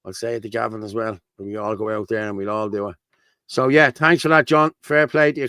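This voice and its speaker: A man's voice: mid-range voice, level tone, a little fast, a bit bright, smooth, no room sound. A man with a Dublin accent hosting a casual livestream, talking bluntly and reading out viewer comments. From Ireland. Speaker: host.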